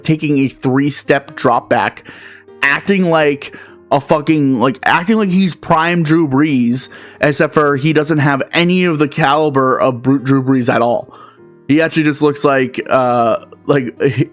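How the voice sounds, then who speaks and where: A young man telling a rambling, exasperated story as a talk show host, full of swearing and filler words. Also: mid-range voice. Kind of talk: ranting storytelling.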